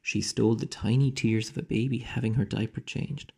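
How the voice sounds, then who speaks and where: A man teacher reading a children's storybook aloud slowly, dropping into dramatic whispers. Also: mid-range voice, steady tone, creaky, mellow, slightly rough.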